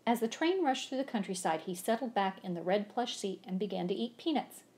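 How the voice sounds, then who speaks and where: A woman reads a children's storybook aloud in an animated, expressive way. Her pitch rises and falls freely, and she acts out the sound effects with relish. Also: fairly quick.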